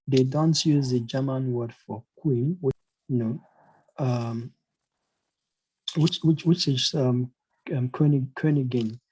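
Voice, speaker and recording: A man's voice: mid-range voice, warm tone, husky, rough recording. A man teaching a casual online language lesson, hesitant, with many fillers and restarts. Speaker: German teacher.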